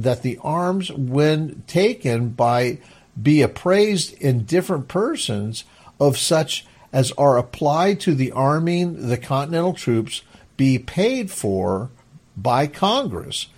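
A man's voice: medium pitch, a little mellow. A man lecturing, reading historical resolutions aloud with slips and restarts, then explaining them in plain everyday words. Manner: reads formal text haltingly, then explains it in plain words.

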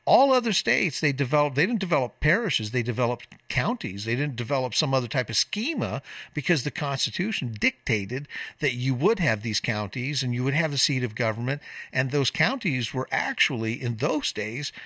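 A male call-in radio host delivers a long, emphatic monologue and wanders into side points. His tone is bright and pushing. The sound is dry and a touch distant from the microphone. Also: medium pitch, big pitch swings, moderate pace, no room sound. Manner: lecturing, emphatic, drifts into tangents. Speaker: radio talk show host.

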